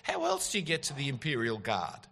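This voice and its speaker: A man's voice: medium pitch, wildly swooping pitch, a little fast, sharp tone, a little hiss or hum. A man preaching an expository sermon, emphatic and full of rhetorical questions.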